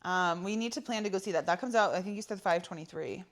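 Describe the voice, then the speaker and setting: A woman from California co-hosting a podcast in casual chat, animated and chatty, laughing often. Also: fairly low pitch, fast. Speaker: podcast co-host.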